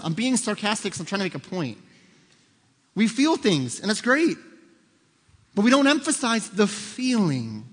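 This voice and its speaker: A male pastor preaches in a slightly high voice, earnest and emphatic, and circles back to repeat his main points. His words ring out with a long hall reverb, as if recorded in a large church sanctuary. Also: fairly bright tone. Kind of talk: sermon.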